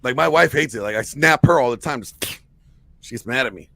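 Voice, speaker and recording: Brief: cocky, swearing guy, gravelly and a bit high, dry close sound. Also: a little fast, no room sound. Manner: boastful, profane, animated storyteller. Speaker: guest. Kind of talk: casual banter.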